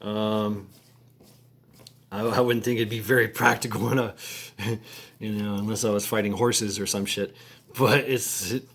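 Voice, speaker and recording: Man, low voice, casual vlog talk, halting, lots of fillers, crude slang. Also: steady tone, gravelly, a bit bright. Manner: halting, many repeated words and fillers. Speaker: vlogger. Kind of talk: rambling casual talk to camera.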